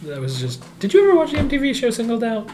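A man's voice: very high-pitched, wildly swooping pitch, fast, a little mellow, a little hiss or hum. A man co-hosting a podcast in casual chat, laughing often and acting out lines from scenes. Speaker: podcast co-host.

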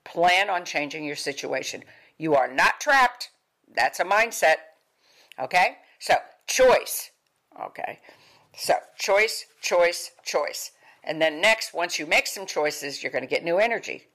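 A woman's voice: fairly low pitch, animated, unhurried, a bit bright. An older woman giving an emphatic motivational talk as a wellness speaker, repeating her key words in a coaching tone.

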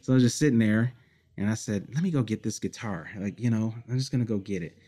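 Low-voiced man telling his story. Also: fast talker, mellow. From Detroit, United States. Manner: reflective, rambling with many fillers, laughs between stories. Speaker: musician guest. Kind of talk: casual storytelling interview.

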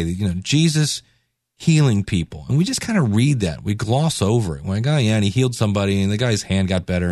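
Chill guy hosting a faith podcast, lowish voice, dry close sound, talks loose and slangy. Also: a little mellow, no room sound. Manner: laid-back and conversational, with slangy asides. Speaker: podcast host. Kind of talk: casual devotional talk.

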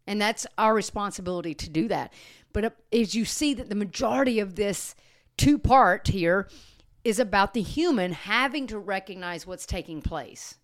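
A woman co-hosting a podcast on dog training, explaining in an earnest, steady way and sometimes slowing and softening her voice. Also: mid-range voice. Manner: earnest, explanatory, slows and softens to demonstrate calm talk. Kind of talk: casual podcast chat.

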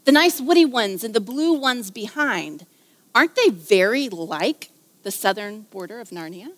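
A gentle, wondering young girl, read aloud by a woman, soft and slow as she hunts for the right words, with a lightly raised pitch and a long hall reverb. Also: animated, close to an everyday voice.

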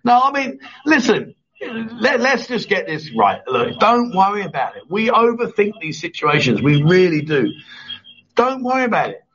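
A man's voice: high-pitched, big pitch swings, normal speed, fairly bright tone, husky, dull audio. A man hosting a casual live chat show, joking and teasing his co-host.

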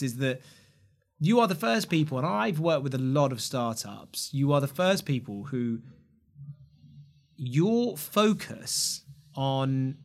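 A man hosting a podcast interview, enthusiastic and chatty, quick to praise and laugh. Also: fairly high pitch. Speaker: podcast host.

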